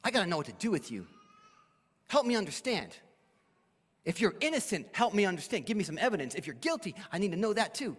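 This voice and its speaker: A rapid, exasperated Roman governor , as a preacher acts him out, with a higher voice that swings widely. His lines rush out and ring in a long hall echo. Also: big pitch swings, breathy edge, heavily acted. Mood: pleading. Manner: rapid, pleading then demanding. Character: exasperated Roman governor, male, pressing for answers. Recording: echoey hall.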